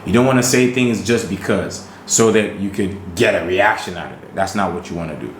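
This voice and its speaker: Male co-host, low voice, animated and emphatic, roomy room sound. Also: fairly quick, a little hiss or hum. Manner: animated, emphatic, keeps asking "right?". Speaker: podcast co-host. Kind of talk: casual podcast chat. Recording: roomy recording.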